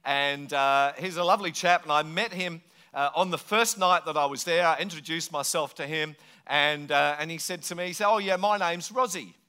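A middle-aged man preaching a sermon, telling a story in an animated, anecdotal way. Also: on the high side, moderate pace, clear, resonant tone. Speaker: pastor.

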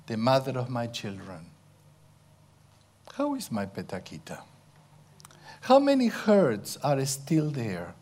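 Middle-aged male preacher, slow and intimate, wide pitch swings, hushed asides. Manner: slow, intimate, drops to whispers for emphasis. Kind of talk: sermon.

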